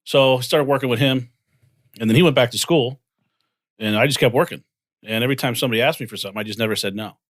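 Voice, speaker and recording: Man in his 40s, quick pace, dry close sound, lively storyteller, mimics people in quotes. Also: mid-range voice, no room sound. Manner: animated, acts out dialogue in quotes. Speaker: guest, financial firm co-founder. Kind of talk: casual storytelling interview.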